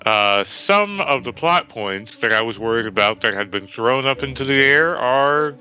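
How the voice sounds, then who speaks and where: A man's voice: medium pitch, lively intonation, normal speed, pushed and bright. A man co-hosting a podcast, recapping in a rambling, hesitant way and casually swearing. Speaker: podcast co-host, new player. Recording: dull lo-fi sound, faint music.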